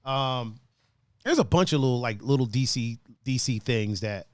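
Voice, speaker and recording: A man's voice: medium pitch, lively intonation, moderate pace, dry recording. Host, male, East Coast accent, slangy and easygoing, dead dry mic. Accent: East Coast, D.C. and Baltimore slang. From Washington, D.C. area. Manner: laid-back, laughs often, slangy. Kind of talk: casual chat on a livestream.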